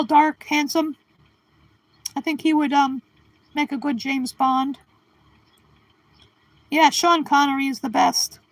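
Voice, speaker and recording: Woman, 60s, high voice, rambling livestream host chatting with viewers, dry close sound. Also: a bit bright, no room sound, rough recording. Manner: rambling, chatty, restarts and trails off. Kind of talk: casual chat answering live viewers.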